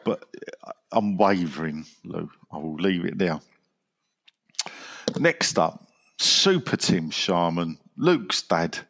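A man with a low, deep voice hosts a relaxed football podcast. He reads listener messages aloud with dry humour and chuckles at his own asides. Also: slow pace, gravelly, pauses often. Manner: dry and wry, laughs at his own jokes. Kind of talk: casual football podcast chat.

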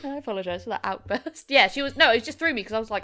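Woman on a film podcast, teasing, laughy, bright voice. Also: fairly high pitch, expressive, racing. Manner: teasing, giggly. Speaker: podcast co-host. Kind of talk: casual film-review chat.

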